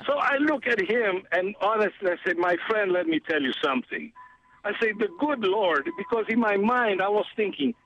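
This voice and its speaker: A man with a foreign accent telling a lively story as a radio guest, laughing often and acting out the voices of others. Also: sits high, normal speed, lo-fi sound. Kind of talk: storytelling on a talk radio show.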